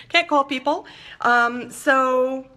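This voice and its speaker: Bright, animated woman telling a story. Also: high-pitched, very slow. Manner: animated, chatty, with laughs and playful asides. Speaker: show host. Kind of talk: personal storytelling on a talk show.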